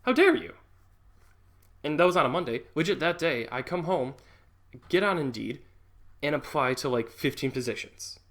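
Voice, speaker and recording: A man's voice: a little high, moderate pace, fairly bright tone. A young man chatting casually through a storytime vlog, rambling and dropping lots of likes.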